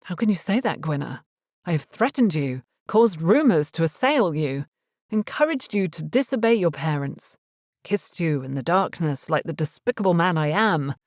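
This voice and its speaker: A woman voicing a guilt-ridden young gentleman in a tense, self-reproaching manner. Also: deep voice, lively intonation, normal speed, no room sound, studio quality. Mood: anguished.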